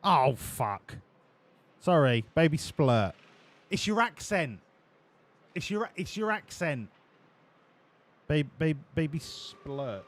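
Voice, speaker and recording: A man's voice: a little high, very animated, slow, pauses often. A man streaming a racing management game, chatting sarcastically and swearing with his viewers. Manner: sarcastic, sweary banter with chat. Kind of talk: casual live-stream commentary.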